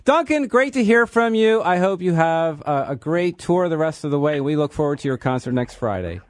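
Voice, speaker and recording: Man, radio host, friendly, higher voice, dry studio. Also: expressive, moderate pace, no echo. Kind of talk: radio interview.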